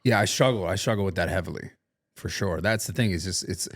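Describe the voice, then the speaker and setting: A man's voice: sits low, fast. Earnest, reflective young man. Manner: earnest, reflective, many "like" fillers. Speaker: podcast host. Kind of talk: casual podcast chat.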